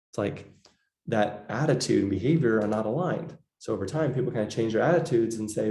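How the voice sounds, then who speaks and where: Laid-back male lecturer, mellow low voice. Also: quick pace, roomy sound. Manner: casual, many fillers, acts out quoted voices. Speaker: psychology lecturer. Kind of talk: recorded lecture.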